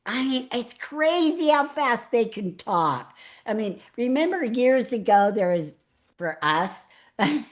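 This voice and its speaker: A middle-aged woman teaching public speaking on a live call, talking in a chatty, expressive way. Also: on the high side, slow. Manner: chatty, expressive, animated delivery with laughs. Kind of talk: live online coaching talk.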